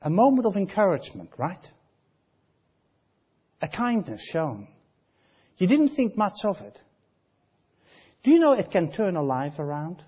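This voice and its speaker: Emphatic preacher with a husky, lively voice. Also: male voice, sits high, unhurried, long pauses, muffled recording. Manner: emphatic, repeats key phrases, asks the congregation questions; drops to a near hush on key lines, rises loud on others. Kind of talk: sermon.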